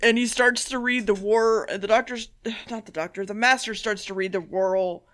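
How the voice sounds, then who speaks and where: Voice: medium pitch, steady tone, normal speed, fairly bright tone. A podcast co-host giving a loose, sardonic plot recap, peppered with swearing and dry asides. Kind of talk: casual episode recap.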